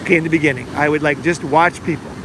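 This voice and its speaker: Background noise sits under this middle-aged man's fairly high, fairly even voice as he talks fast. Hosting his podcast as a life coach, he rambles casually, uses lots of fillers, and performs quoted lines.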